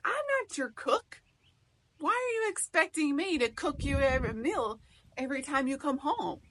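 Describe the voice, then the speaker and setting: A woman's voice: high voice, expressive, normal speed, fairly bright tone, voice pushed up. A woman voicing a defensive, exasperated husband who protests about being expected to cook. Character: defensive indignant husband, adult man.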